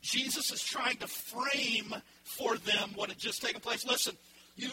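A male pastor preaching an animated sermon, acting out the people in the story. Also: very high-pitched, unhurried, loud music behind the voice, rough recording. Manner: animated, acts out voices in the story.

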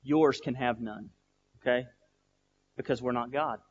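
A male pastor preaching a sermon, telling stories and building from quiet, slow lines to loud, emphatic ones. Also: medium pitch, slightly rough, big-room sound, highs cut off. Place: church sanctuary.

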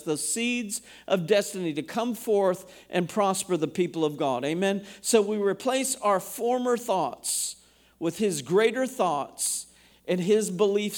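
A high-pitched man preaches in a church. He reads scripture aloud and turns to ask the congregation questions as he goes. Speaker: pastor. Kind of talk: sermon.

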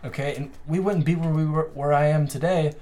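A man's voice: fairly high pitch, fairly even intonation, a little fast, mellow, close to an everyday voice. A man voicing a stubborn male companion who argues in a condescending way. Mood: argumentative. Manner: argumentative, condescending. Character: stubborn adult male companion defending slavery.

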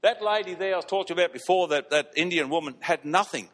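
Pastor preaching in a reverberant hall. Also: male voice, sits high, fast talker. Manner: animated, repeats lines for emphasis, laughs at his own stories. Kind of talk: storytelling sermon. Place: church hall. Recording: long reverb of a church hall.

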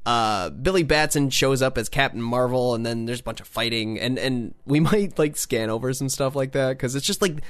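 A man's voice: medium pitch, moderate pace, few pauses, dry recording. A man hosting a podcast, chatting casually and animatedly, with lots of restarts and playful little voices. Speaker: podcast host. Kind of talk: casual chat.

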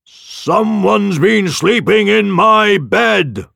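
A man's voice: high-pitched, lively intonation, gravelly, pushed and bright, dry recording, clean studio sound, voice pushed up, full character voice. Big storybook papa bear, roars, stretches out every word; male narrator doing the voice. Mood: angry. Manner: slow, drawn-out roaring. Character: roaring big father bear.

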